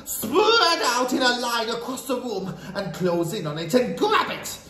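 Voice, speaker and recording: A man's voice: big pitch swings, measured pace, bright, forceful tone, exaggerated voice. A man voicing a cruel female witch leader who shrieks orders while reading a storybook aloud. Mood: commanding. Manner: shrill, barking orders. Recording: roomy echo, faint hiss.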